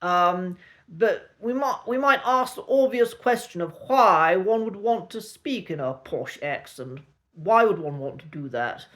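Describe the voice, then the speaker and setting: A man's voice: sits high, animated, a bit bright. Man with a cut-glass posh accent. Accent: traditional Received Pronunciation. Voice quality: clipped, cut-glass vowels. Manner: authoritative, measured delivery. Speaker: accent coach. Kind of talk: spoken lesson monologue.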